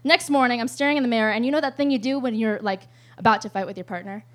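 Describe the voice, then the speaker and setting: High-voiced woman telling a rambling comic story. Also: very fast. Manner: rambling, profane, laughs often. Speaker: storyteller at a live show.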